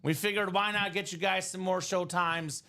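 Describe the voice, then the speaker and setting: A man hosting a live card-break stream, chatting casually and pitching breaks with lots of filler words. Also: fairly even intonation, moderate pace, pushed and bright. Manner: upbeat, chatty, salesy, many "uh" fillers. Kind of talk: casual sales chat on a livestream.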